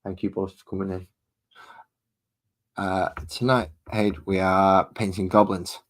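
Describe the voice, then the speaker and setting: A man's voice: deep voice, little pitch movement, unhurried, low-quality recording. A man chatting casually and thinking aloud, a little self-deprecating, while he paints miniatures at his hobby desk at home.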